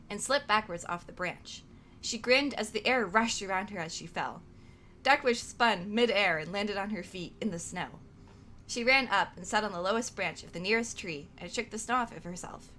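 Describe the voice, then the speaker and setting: A woman's voice: mid-range voice, expressive, moderate pace, bright, forceful tone, a little hiss or hum. A young woman from Canada playfully reading aloud her own old role-play narration.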